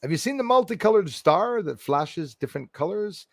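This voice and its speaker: A man's voice: sits high, lively intonation, normal speed, no echo, clean studio sound. A man chatting casually on his livestream, laughing often and reading out viewer names. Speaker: livestream host.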